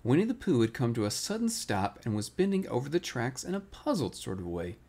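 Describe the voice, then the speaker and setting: A man reads a children's storybook aloud as a relaxing bedtime story. His voice sits in an easy middle register. He reads gently, with a lively, expressive lilt. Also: medium pitch, brisk. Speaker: storybook reader.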